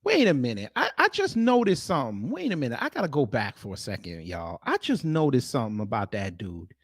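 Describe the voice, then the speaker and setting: A man's voice: medium pitch, huge pitch swings, fairly quick, breathy edge, dry recording, studio quality. A man hosting a livestream, ranting at and mocking the clips he reacts to. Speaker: livestream host.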